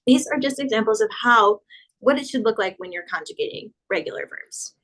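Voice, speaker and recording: Female teacher, patient explainer, walks through conjugation tables slowly and clearly. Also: on the high side, a bit bright, low-quality recording. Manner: patient, spells out verb endings, slows down for examples. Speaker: Spanish teacher. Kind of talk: explanatory grammar lesson.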